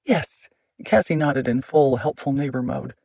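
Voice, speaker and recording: A man narrating an audiobook in a measured, steady reading. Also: mid-range voice, creaky, breathy edge, no echo, lo-fi sound.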